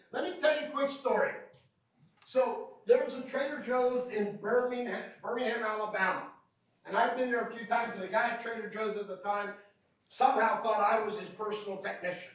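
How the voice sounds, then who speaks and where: A man with a very high voice leads a hands-on training class, cracking jokes and pulling answers from the trainees. He is picked up from a distance in a very echoey room. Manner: joking storyteller who quizzes the class. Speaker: field service trainer. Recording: very echoey room, recorded from far off.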